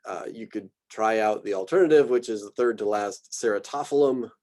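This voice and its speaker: An American man lecturing on botanical names, relaxed and thinking aloud with many fillers. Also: on the low side, brisk. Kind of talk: recorded slide presentation.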